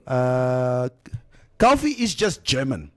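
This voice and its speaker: A man's voice: medium pitch, slow. A man hosting a morning show, chatting casually and reading out listener comments while slipping into Afrikaans phrases. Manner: animated, slips into Afrikaans phrases. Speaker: radio show host.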